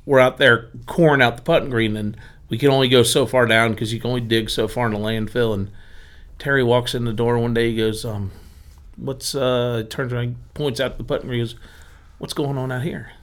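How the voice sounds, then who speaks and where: A man's voice: medium pitch, a little fast. A man from Pennsylvania, a driving range owner, telling anecdotes in casual chat and acting out the quotes. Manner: animated anecdotes with acted quotes. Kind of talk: casual storytelling.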